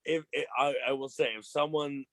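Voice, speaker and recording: Young male wrestler guest, laid-back and slangy, fairly high voice, dry close sound. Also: fairly even intonation, moderate pace, fairly bright tone, no room sound. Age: young adult. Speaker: pro wrestler and interview guest. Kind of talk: casual interview chat.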